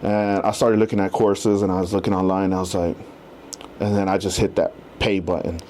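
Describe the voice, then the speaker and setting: Low mellow-voiced man telling his story. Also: brisk, a little hiss or hum. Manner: animated storyteller, acts out quotes. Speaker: real estate agent, podcast guest. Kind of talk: casual interview storytelling.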